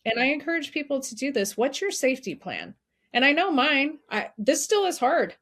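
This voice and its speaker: Her high, sing-song voice is fairly bright and moves at a normal speed. She's a middle-aged woman and a suicide prevention advocate, appearing as a guest to earnestly recount personal experiences and reiterate heartfelt encouragement.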